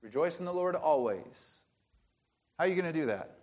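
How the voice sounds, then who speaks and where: A man's voice: a little high, expressive, normal speed, a little mellow. Man preaching a teaching sermon. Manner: teaching, explains grammar, asks rhetorical questions. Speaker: pastor.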